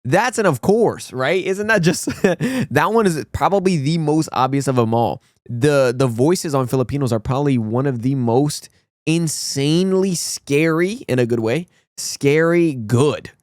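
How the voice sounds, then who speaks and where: A man's voice: fairly high pitch, normal speed, darkish tone, no echo, clean studio sound. A man hosting a reaction video, chatting in a casual, enthusiastic, slangy way that tends to ramble.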